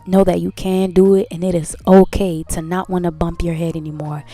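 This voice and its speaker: A woman's voice: on the low side, mellow. Earnest woman giving a healing pep talk. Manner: earnest, repetitive, laughs at herself. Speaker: host. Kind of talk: casual motivational talk.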